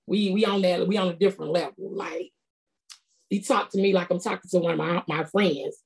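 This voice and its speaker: A woman's voice: fairly low pitch, fairly even intonation, brisk. A middle-aged woman, preaching a sermon in an earnest, conversational, colloquial way. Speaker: prophetess preaching.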